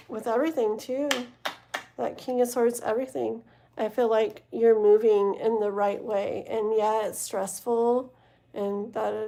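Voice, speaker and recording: A woman's voice: fairly high pitch, gravelly, warm tone. A woman reading tarot live and chatting casually with viewers, with many fillers and "okay?" check-ins. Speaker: tarot reader.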